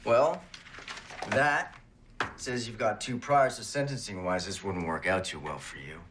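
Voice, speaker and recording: An actor playing a dry, sarcastic cop. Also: male voice, lowish voice, a little slow, background noise, close to an everyday voice. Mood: sardonic. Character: dry, sarcastic middle-aged male police detective. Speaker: detective.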